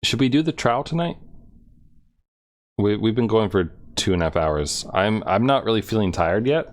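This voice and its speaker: A man's voice: on the low side, expressive, moderate pace. A man streaming a game, chatting casually in a rambling, self-correcting way. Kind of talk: casual let's-play chat.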